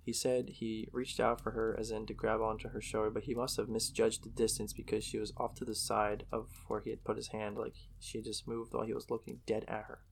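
Male horror storyteller, low gravelly voice, casual and profane. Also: little pitch movement, fairly quick, hardly any pauses, a little hiss or hum.

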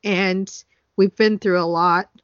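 A woman's voice: mid-range voice, steady tone, slow, no room sound. Woman, podcast co-host, casual chat, earnest, teary, filler words, dry dull recording. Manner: emotional, earnest, many fillers. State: tearful.

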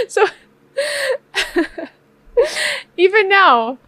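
A woman with a bright, high voice chats playfully with her husband. She tells the story with lots of laughter and acts out the quotes. The sound is close and dry, with no room echo. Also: very slow. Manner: animated and playful, laughing often, acting out quotes. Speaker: co-host of a couple's channel. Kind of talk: casual storytelling chat.

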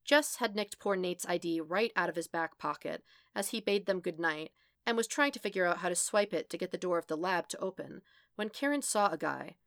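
A woman narrating a story as a podfic reader, in a steady, even storytelling manner. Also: on the low side, no echo, clean studio sound. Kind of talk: scripted narration.

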